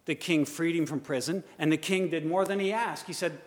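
A man preaching a sermon, swinging from loud urging to hushed asides. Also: fairly high pitch, fairly quick, hardly any pauses. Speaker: pastor. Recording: long hall reverb.

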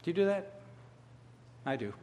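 A pastor with a fairly high, sing-song voice and a darkish tone preaches a sermon at normal speed, reading scripture aloud and commenting on it with pointed rhetorical questions. The recording carries the long reverb of a large hall.

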